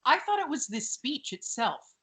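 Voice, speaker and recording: Bright-voiced chatty woman podcaster. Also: high voice, big pitch swings, normal speed. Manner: chatty, laughs often, many fillers. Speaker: podcast co-host. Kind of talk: casual chat.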